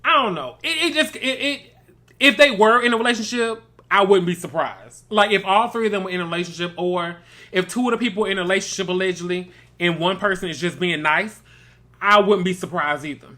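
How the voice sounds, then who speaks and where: A man runs a reality TV recap, chatty and sassy. His voice is bright and forceful, and he keeps calling his listeners baby and girl. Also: high-pitched, brisk. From Mississippi. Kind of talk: casual review commentary.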